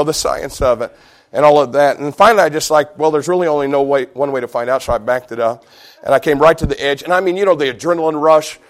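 A middle-aged man preaching a sermon, telling a personal story with animation and building to emphatic, repeated lines. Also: a little high. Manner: animated storyteller, shouts and laughs in retelling; preaching with rising emphatic repetition. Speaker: pastor.

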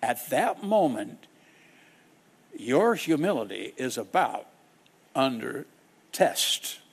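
Animated preacher man with a lively voice. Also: medium pitch, slow pace, slightly rough. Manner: dramatic, acts out quoted people in shifting voices. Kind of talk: sermon.

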